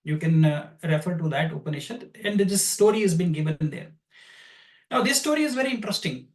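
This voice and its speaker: A man's voice: fairly high pitch, lively intonation, brisk. A man teaching astrology who retells a scripture story as a lecture and explains each term as he goes. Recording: roomy, distant from the mic.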